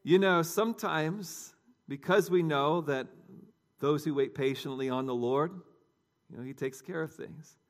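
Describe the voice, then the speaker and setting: A man's voice: a little high, measured pace. A man preaching a sermon, telling a story conversationally and talking directly to his congregation. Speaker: pastor.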